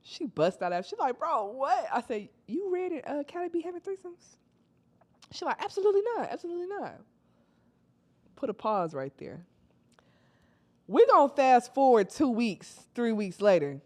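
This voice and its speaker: A young woman telling a casual storytime, slangy and animated, acting out her friends' lines. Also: fairly high pitch, moderate pace. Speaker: storytime vlogger.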